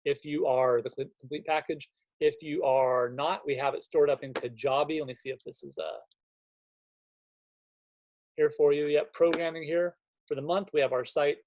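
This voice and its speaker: A man's voice: a little high, fairly even intonation, normal speed, a little mellow, dull audio, a little hiss or hum. A man, a fitness coach, walking gym owners through a home workout program in a conversational, fired-up way, often checking in with "right?". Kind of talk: screen-share walkthrough for gym owners.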